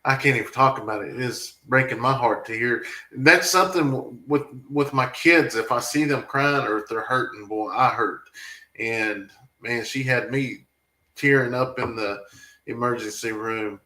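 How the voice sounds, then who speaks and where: A man's voice: medium pitch, a little slow, sharp tone, reverberant, poor audio. A man, a family farm vlogger, rambling and emotional as he talks back to viewer comments in a casual live stream.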